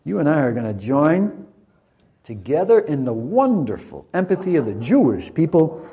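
A man's voice: a little high, very animated, moderate pace, mellow. A man preaching in a church, leading a Passover demonstration and joking playfully with volunteers. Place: church sanctuary.

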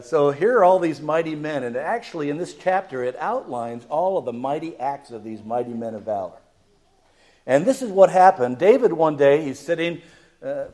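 A man preaching a sermon in a storytelling manner, acting out the people in his stories with big swings in pitch and loudness. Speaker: pastor.

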